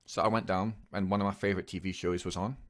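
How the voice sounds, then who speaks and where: Young man, very deep voice, halting speech, subdued confessional monologue. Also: flat delivery, fairly bright tone. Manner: halting, hesitant, many pauses and restarts. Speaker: vlogger.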